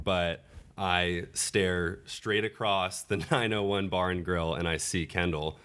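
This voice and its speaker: A man's voice: low-pitched, fairly bright tone, clean tone. A man in his twenties, a podcast guest, casually telling a story in a laid-back, chatty way. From California.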